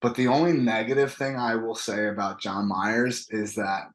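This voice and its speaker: A man's voice: lowish voice, moderate pace, roomy sound. A man in his thirties, a wrestling coach, telling stories casually in an interview and acting out the voices of the people he quotes. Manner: animated, acts out quoted voices. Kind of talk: casual interview talk, lively storytelling.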